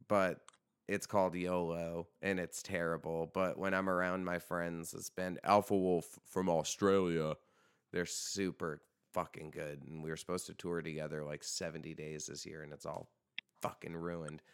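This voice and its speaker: A man's voice: deep voice, fairly bright tone, clear, resonant tone, no echo, clean studio sound. A man hosting a podcast in casual chat, rambling and joking with frequent swearing. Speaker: podcast host.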